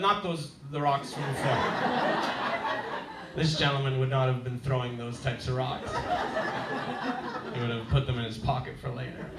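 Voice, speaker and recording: A man doing a stand-up set, telling a wry story and acting out his neighbours in loud voices. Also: high voice, noisy background. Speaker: stand-up comedian. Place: comedy club stage. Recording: roomy club sound, heard from a distance.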